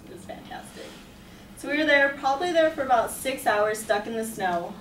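A woman's voice: a little high, a little fast, slight background noise. Chatty young woman telling a story. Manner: chatty, animated, full of "like" and laughs. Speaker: student storyteller. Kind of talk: personal story told to a class. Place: classroom. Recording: echoey room, voice from a distance.

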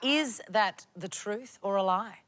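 A woman with a husky voice hosting a comedy panel show in a playful, teasing way. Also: medium pitch, takes it slowly, very noisy. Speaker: quiz show host.

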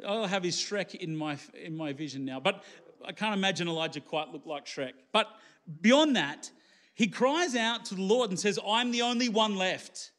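Man preaching with a high, bright voice. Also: expressive, normal speed. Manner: conversational, colloquial, swings between lifted emphasis and low, quiet asides. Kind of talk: sermon.

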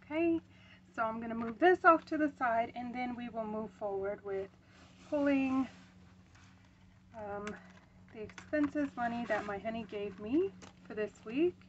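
A woman's voice: on the high side, unhurried, long pauses, a bit bright, lo-fi sound, a little hiss or hum. A young woman vlogging at home about her budget, chatty with many ums, out of breath as she counts bills aloud. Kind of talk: casual budgeting talk while counting cash.

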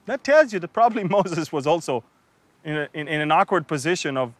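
A man's voice: a little high, expressive, fairly quick, no room sound. A man, teaching a humorous Bible sermon and acting out the people in the story. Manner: humorous, acts out biblical figures with sarcasm and laughter.

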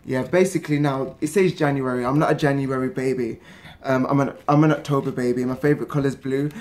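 A man's voice: mid-range voice, fairly even intonation, fast, darkish tone. A young man from England, chatting casually and rambling in a travel vlog. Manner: chatty, rambling, lots of fillers. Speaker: vlogger.

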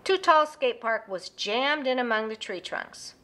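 Bright, lively storybook narrator woman. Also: fairly high pitch, unhurried.

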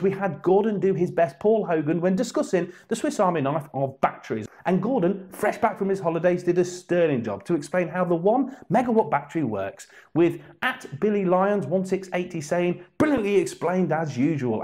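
A man's voice: fairly high pitch, a little mellow. A man presenting a scripted comedic roundup of viewer comments with playful sarcasm and mock exasperation. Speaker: segment presenter.

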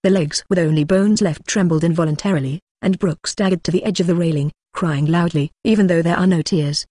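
A text-to-speech voice reading an audiobook as narrator, with an even machine-read delivery. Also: mid-range voice, a little fast, dry recording, clean studio sound. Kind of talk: scripted narration read aloud.

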